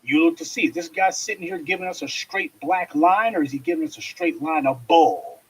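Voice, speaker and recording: Husky man giving a scornful commentary. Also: fairly high pitch, fairly quick, low-quality recording. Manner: forceful, scornful, lecturing. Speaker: political commentator. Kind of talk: commentary monologue.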